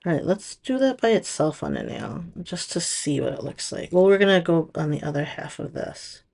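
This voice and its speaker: A woman's voice: on the low side, animated, moderate pace, creaky, darkish tone. A woman casually demonstrating nail strips, chatty and thinking aloud as she works. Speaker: nail product stylist. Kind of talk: casual product demo.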